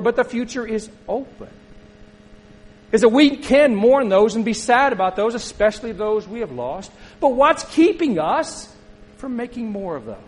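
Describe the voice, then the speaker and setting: Husky high-voiced male pastor. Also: low-quality recording. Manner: conversational storytelling with questions to the congregation. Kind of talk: sermon.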